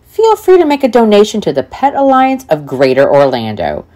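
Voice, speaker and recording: A woman's voice: mid-range voice, huge pitch swings, normal speed, dark tone. A woman of fifty vlogging her birthday in a chatty, upbeat way. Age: 50s. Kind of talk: casual vlog narration and chat. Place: outdoor park event. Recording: busy crowd and street noise.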